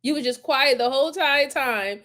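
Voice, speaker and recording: A woman's voice: sits high, fairly quick, fairly bright tone. A woman hosting a reaction video, commenting bluntly and exasperated, swearing freely.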